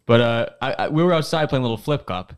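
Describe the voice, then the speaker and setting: A young man co-hosting a casual sports talk show, bantering in a relaxed way and repeating his phrases. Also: mid-range voice, fast, smooth. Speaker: show co-host.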